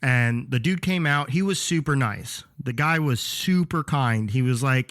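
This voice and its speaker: A man co-hosting a podcast, telling a profane, animated story about a rude customer in a casual way. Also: medium pitch, measured pace, hardly any pauses, dry recording, studio quality. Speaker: podcast co-host.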